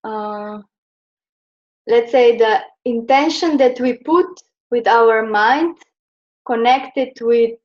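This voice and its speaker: A woman's voice: a little high, slow pace, long pauses. A young woman from Slovenia teaching Chinese pronunciation in a classroom, explaining hesitantly with many fillers. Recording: dull lo-fi classroom recording.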